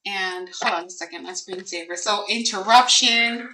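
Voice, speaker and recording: A woman's voice: mid-range voice, moderate pace, bright, forceful tone. A woman giving a casual card reading, musing and hesitant, speaking aloud to Spirit with many fillers. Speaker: tarot and oracle card reader. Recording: echoey room, distant mic, faint noise.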